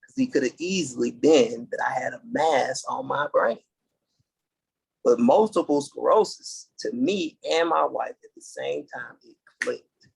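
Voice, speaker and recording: A middle-aged man from the United States, a podcast guest, telling his story in an earnest, halting way and restarting dates as he goes. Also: mid-range voice, animated, creaky, husky, low-quality recording. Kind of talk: casual interview storytelling.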